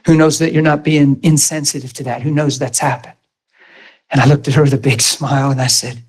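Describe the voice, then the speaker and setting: A man preaching a sermon, telling a healing story with lively acted-out quotes. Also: brisk, husky. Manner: animated storytelling, acts out quotes in high excited voice.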